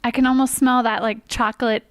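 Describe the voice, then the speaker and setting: A woman co-hosting a relaxed beer podcast, describing flavors in a thoughtful way. Her voice is smooth and fairly high. The sound is close and dry. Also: brisk, dry recording. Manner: descriptive, thoughtful tasting notes. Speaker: podcast co-host. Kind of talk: casual beer-tasting chat.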